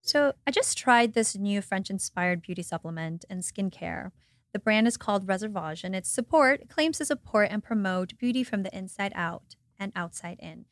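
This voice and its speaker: A woman's voice: medium pitch, expressive, moderate pace, no echo. A woman co-hosting a podcast in casual chat, mostly giving short agreeing replies to her co-host.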